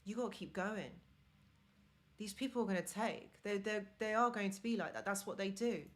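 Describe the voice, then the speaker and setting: A relationship mentor with a non-native English accent talks to her live-stream viewers at normal speed in a medium-pitched voice. She's earnest and encouraging throughout.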